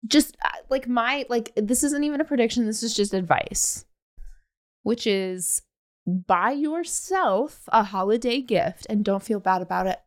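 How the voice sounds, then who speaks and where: A woman co-hosting a podcast in casual chat, playful and quick to laugh. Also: on the high side, animated. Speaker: podcast co-host.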